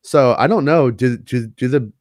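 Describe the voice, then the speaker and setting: A man's voice: mid-range voice, moderate pace, darkish tone, no room sound, studio quality. A man co-hosting a podcast, rambling in casual chat, stumbling over and repeating words. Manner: rambling, stammers, repeats words, does silly voices. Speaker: podcast co-host.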